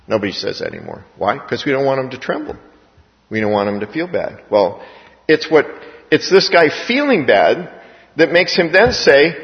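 A male pastor preaching a sermon in an animated way, acting out the voices he quotes. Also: mid-range voice, moderate pace. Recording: dull reverberant hall recording.

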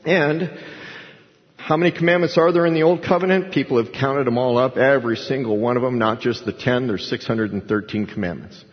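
A male pastor preaches an expository sermon in a plain, folksy, conversational voice, stopping and restarting as he leans on key words. His medium-pitched voice moves fairly quickly and rings with the long reverb of a large hall, though the recording sounds dull and lo-fi.

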